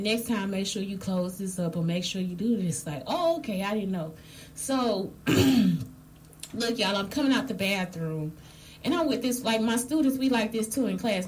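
A woman's voice: on the high side, fairly bright tone, rough recording. A woman vlogger telling a story in a casual rant, blunt and profane, speaking straight to her viewers.

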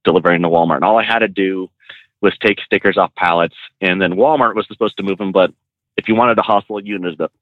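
A man who trains truck drivers, a podcast guest telling animated road stories with frequent laughs and restarts. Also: low voice, quick pace, dry recording, narrow, tinny audio. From California. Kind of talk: casual storytelling.

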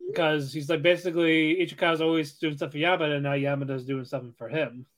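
A man's voice: fairly high pitch, fairly even intonation, fast, fairly bright tone. A man co-hosting a casual anime podcast, recapping episodes in a loose, rambling way. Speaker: podcast co-host.

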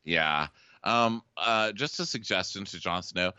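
A man co-hosting a casual TV recap, joking and animated. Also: low voice, measured pace, clear, resonant tone, dry recording, lo-fi sound.

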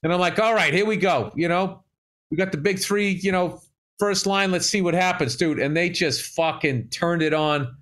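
A man with a slightly high voice talks sports on a casual chat show. He rants in a lively, loose way, swearing freely as he tells his stories. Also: moderate pace. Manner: animated, profane sports rant. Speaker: podcast co-host.

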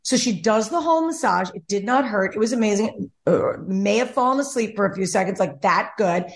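A woman's voice: mid-range voice, expressive, fairly quick. A young adult woman hosting a casual chat, telling a rambling story and acting out what others said. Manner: chatty rambling storyteller, acts out quotes. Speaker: podcast host.

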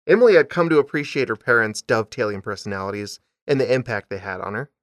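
Male podcast host, mid pitch, dramatic reader, dry studio. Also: lively intonation, fast, no echo. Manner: reads with dramatic emphasis, breaks off to joke. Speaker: podcast host reading a story. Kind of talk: comedic dramatic reading with banter.

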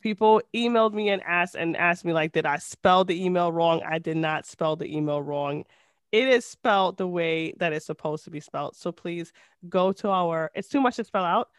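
A woman's voice: fairly low pitch, normal speed, clear, resonant tone, no room sound. A woman co-hosting a podcast with an accent, chatting casually and rambling with giggles. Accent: non-native English accent. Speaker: podcast co-host. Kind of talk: casual chat.

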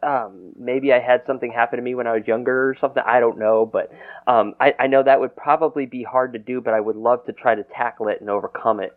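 A man hosting a casual radio interview, halting and repeating words, laughing easily. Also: mid-range voice, steady tone. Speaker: radio show host. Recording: tinny dry phone-band audio.

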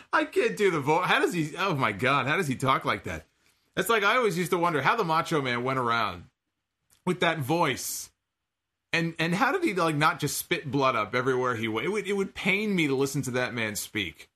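A man's voice: on the high side, big pitch swings, fairly quick, pushed and bright. A man hosting a wrestling podcast, giving a chatty, wry recap and reading out listener donation messages. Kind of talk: casual solo show recap.

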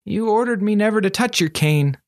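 A man's voice: high voice, lively intonation, fairly quick, no room sound, studio quality, voice pushed up. A man reading aloud and voicing a cowed young male apprentice who answers his master meekly and fearfully. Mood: sullen, fearful. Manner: meek, sullen and fearful.

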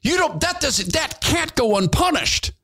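A man's voice: extremely high pitch, very animated, a little slow, sharp tone. A man hosting a talk podcast, delivering an impassioned opinion monologue and repeating phrases for emphasis. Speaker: podcast host, former radio host.

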